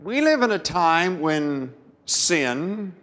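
A male pastor preaches at an unhurried pace, his fairly high voice swooping up and down with emphasis. He lingers on words and leaves dramatic pauses. The sound carries the long echo of a big church hall. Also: sing-song, a bit bright. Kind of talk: sermon.

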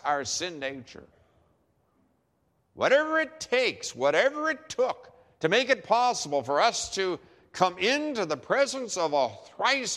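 A man preaching a sermon emphatically, with dramatic pauses and repeated phrases for effect. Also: sits high, a bit bright. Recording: long hall reverb.

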